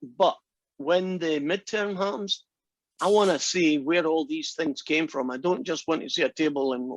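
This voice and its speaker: A math instructor with a slightly high voice talks at normal speed, joking and chatting as he works through steps conversationally in a casual classroom lecture. The recording is dry, muffled and lo-fi.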